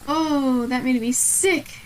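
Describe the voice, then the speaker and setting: A woman with a high voice streams a game live, talking slowly to herself. She keeps repeating questions aloud and is easily startled into swearing and gasping. A faint hiss of noise sits behind her. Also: poor audio.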